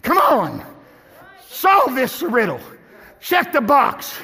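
A man preaching a sermon as pastor, swinging from shouted climaxes to hushed drops. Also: very high-pitched, wildly swooping pitch, slow, pauses often, a faint crowd, a little hiss or hum. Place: church sanctuary. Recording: echoey hall with music and congregation.

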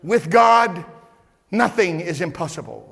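A man preaching a sermon as pastor, shouting at times and repeating words as he builds. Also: sits high, lively intonation, measured pace, gravelly, long reverb tail. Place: church.

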